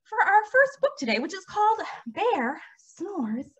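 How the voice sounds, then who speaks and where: A young woman leading a toddler storytime at a library, reading aloud slowly in a sing-song, animated way with whispered shushes, on a dull lo-fi recording. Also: very high voice. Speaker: children's librarian. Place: library program room.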